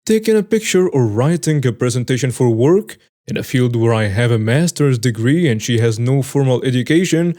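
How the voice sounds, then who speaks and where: A man's voice: mid-range voice, expressive, moderate pace, hardly any pauses, mellow. A man reading online stories aloud and adding wry, amused commentary of his own. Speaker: story narrator.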